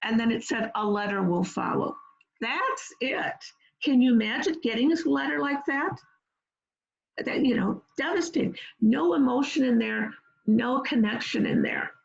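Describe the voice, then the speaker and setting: A woman's voice: high voice, moderate pace, creaky, muffled recording. A woman presenting an online workshop, explaining things earnestly and step by step. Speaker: webinar presenter on peer support.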